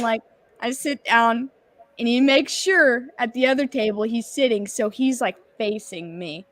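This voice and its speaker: A woman's voice: a little high, fairly bright tone. A young woman co-hosting a podcast, casually telling a long personal story and acting out the quotes with lots of expression. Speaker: podcast co-host.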